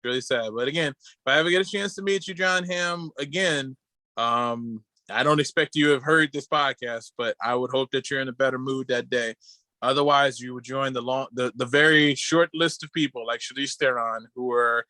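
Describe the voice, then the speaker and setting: Bright-voiced joking male podcast host. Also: mid-range voice, moderate pace, dry recording. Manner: crude deadpan joking. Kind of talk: casual chat. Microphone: video call.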